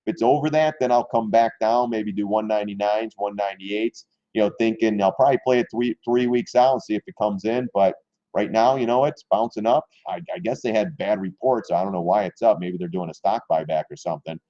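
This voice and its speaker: Blunt, rambling man with a dark voice. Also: fairly low pitch, brisk, dry recording, lo-fi sound. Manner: rambling, candid, frequently clears throat; blunt, swears casually. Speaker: stock trading live stream host. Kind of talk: casual live-stream chart commentary.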